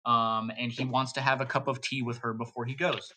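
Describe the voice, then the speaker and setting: Hesitant man with a bright voice. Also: medium pitch, level tone, fairly quick. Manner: hesitant, full of fillers. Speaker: player. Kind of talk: describing a character's actions in a tabletop game.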